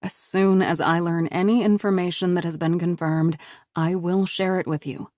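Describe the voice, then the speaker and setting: A woman reader voicing a female federal agent who speaks calmly and firmly. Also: fairly low pitch, no room sound, studio quality, natural voice. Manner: calm, measured, reassuring. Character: female federal agent, calm, patient and firm.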